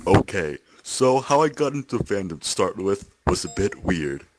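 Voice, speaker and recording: A man's voice: sits low, sing-song, normal speed. A man in a casual group voice chat, reading another member's typed messages aloud, laughing often and stumbling over words. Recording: voice chat over headset mic.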